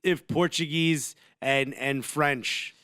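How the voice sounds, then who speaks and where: A man co-hosting a laid-back sports talk, telling stories and playing out the voices of the people in them. His voice sits a little high, and the recording is dry and close. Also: slow pace, clean tone, dry recording. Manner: joking, animated storyteller who acts out quotes. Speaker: podcast co-host. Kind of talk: casual chat.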